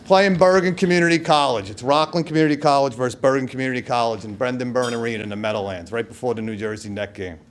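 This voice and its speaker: Giving a hall of fame acceptance speech, a middle-aged man with a New York accent tells stories, acts out the voices of people he quotes, and trails off into asides. He talks quickly at a medium pitch with few pauses, over a little hiss or hum.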